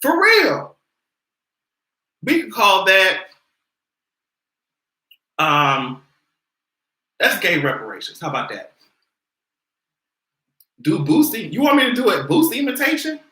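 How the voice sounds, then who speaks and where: A young man talks on a livestream in a sassy, animated way, cursing freely. His voice sits a little high, swings widely in pitch and sounds very bright and sharp. The sound bounces around a roomy, echoey space. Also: measured pace, long pauses. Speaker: vlogger hosting a livestream. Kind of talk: casual livestream commentary. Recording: roomy echo.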